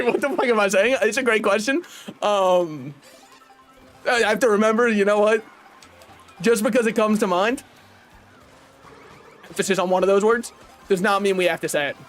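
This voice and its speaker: Streaming a racing game live, a man commentates with excitable, profane banter aimed at the other players and his chat. His voice sits high, and faint game music plays behind him.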